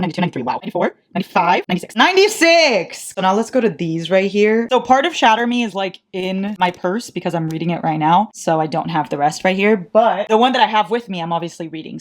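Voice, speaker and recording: A woman whose first language is Portuguese, chatting casually at home by her bookshelves and counting her books aloud with self-mocking asides. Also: lowish voice. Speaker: book vlogger. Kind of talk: casual vlog.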